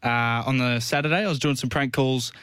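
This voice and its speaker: A man's voice: medium pitch, a little fast, a bit bright, clear, resonant tone, dry recording. A man in his twenties with an Australian accent, co-hosting and telling a prank story in cheeky, casual radio banter on a close studio mic. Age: 20s. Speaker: co-host.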